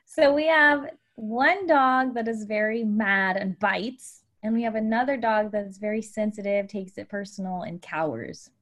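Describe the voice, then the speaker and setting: A woman coach talks her guests through an idea, animated and full of examples. Her voice sits in a middle pitch. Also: normal speed, few pauses. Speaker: life coach. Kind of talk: explaining to guests on a podcast.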